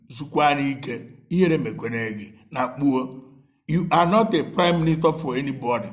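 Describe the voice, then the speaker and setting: Male commentator, higher pitch, scornful repetitive rant. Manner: mocking, repetitive, laughing, stammers and switches to Igbo. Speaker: political commentator. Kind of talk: ranting commentary.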